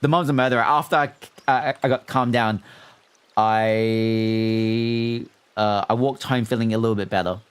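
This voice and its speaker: A young man with an Australian accent reading a scary story live, breaking off to react excitably to chat and stumbling over words. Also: lowish voice, measured pace, clean tone. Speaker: streamer.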